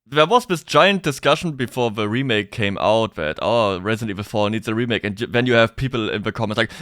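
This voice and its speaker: A man whose first language is German, chatting casually as a streamer being interviewed about games, excitable and stammering through restarts. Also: on the low side, fairly quick, few pauses, no room sound, studio quality.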